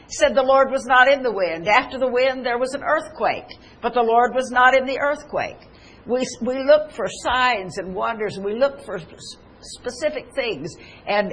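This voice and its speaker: A woman's voice: medium pitch, slight background noise, poor audio. A woman preaching a televised sermon, earnest, stopping and restarting as she quotes scripture. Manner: earnest, with many restarts, quoting scripture aloud.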